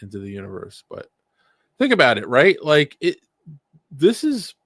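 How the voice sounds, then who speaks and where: A man's voice: fairly high pitch, moderate pace. Teasing man in casual podcast chat. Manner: teasing, lively banter. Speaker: podcast co-host.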